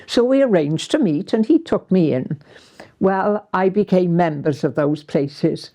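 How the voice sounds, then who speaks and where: A woman's voice: fairly low pitch, animated, unhurried, mellow. A woman in her seventies from Wales, an artist recalling her life in a chatty, meandering way. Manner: chatty, meandering storytelling with fillers. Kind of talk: reminiscing life story.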